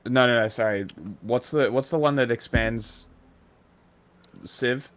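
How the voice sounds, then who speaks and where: A man's voice: medium pitch, a little slow. A man streaming a strategy game, thinking aloud in casual chat.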